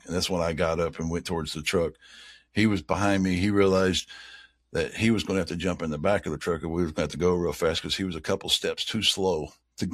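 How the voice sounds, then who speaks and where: A man's voice: low-pitched, no echo, clean studio sound. A man, a guest on an interview with his grown son, telling a rambling story and imitating animal calls. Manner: rambling, imitates owl hoots in stories. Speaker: guest, father of co-guest.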